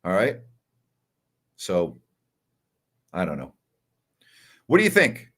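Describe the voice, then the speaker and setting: A man with a deep, slightly bright voice, huge pitch swings, and a slow pace hosts a casual postgame livestream in a New York accent. He goes through viewer comments and hammers his points with repeated tag questions.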